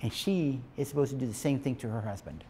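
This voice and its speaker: A man's voice: mid-range voice, quick pace, mellow, a little hiss or hum. A man giving a lecture to couples, speaking in an emphatic, preacher-like way and asking his class questions. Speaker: marriage teacher.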